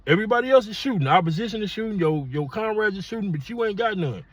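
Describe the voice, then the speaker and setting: Husky high-voiced man, blunt street talk. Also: lively intonation, quick pace. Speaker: podcast host. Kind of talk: casual monologue.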